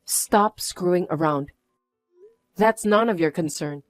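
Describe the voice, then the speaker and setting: A woman telling a first-person story in a flat, weary, matter-of-fact way. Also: on the low side, takes it slowly, dry recording, faint music behind. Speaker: narrator and main character.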